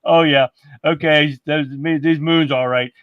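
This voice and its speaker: A man's voice: a little high, steady tone, a little slow, no echo, muffled recording. A man co-hosting a casual political livestream, chatting loosely and reading viewer comments aloud. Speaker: livestream co-host.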